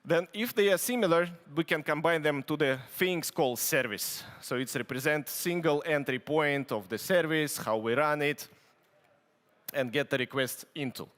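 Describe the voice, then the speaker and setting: A man with a Russian accent giving a conference tech talk, halting with many fillers and restarts and dry joking asides. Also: a little high, a bit bright. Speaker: conference speaker. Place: conference hall stage. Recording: long hall reverb.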